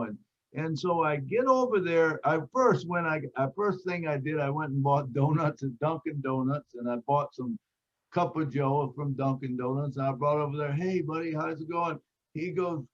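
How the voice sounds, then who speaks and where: A man on a video call telling a lively sales story, acting out the voices of the people in it. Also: fairly high pitch, lo-fi sound. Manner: animated storyteller who acts out quotes. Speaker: sales team member sharing a story.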